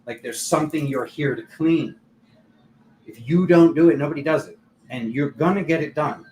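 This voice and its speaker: Casting: male tarot host, fairly high voice, loose chatty delivery, echoey room. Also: normal speed, darkish tone. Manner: chatty, filler-heavy, laughs at himself. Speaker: tarot reader and channel host. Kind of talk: casual live tarot reading. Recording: echoey room, faint background noise.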